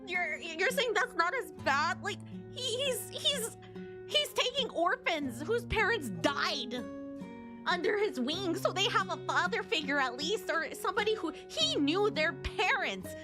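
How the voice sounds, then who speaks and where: Young female streamer, high bright voice, reads game text and rants with feeling over soft music. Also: lively intonation, unhurried. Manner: emotional, exclaiming and ranting. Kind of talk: reading game text aloud and reacting.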